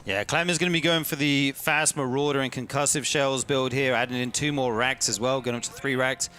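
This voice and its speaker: Joking bright-voiced male caster. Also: medium pitch, steady tone, brisk, slight background noise. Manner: joking, playful. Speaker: esports caster. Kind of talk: live game commentary.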